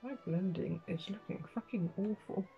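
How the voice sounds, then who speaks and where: A woman's voice: mid-range voice, normal speed, vocal fry, narrow, tinny audio, faint music behind. A young woman doing a casual makeup vlog, self-mocking and swearing as she talks to herself and her dog. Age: young adult. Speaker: beauty vlogger.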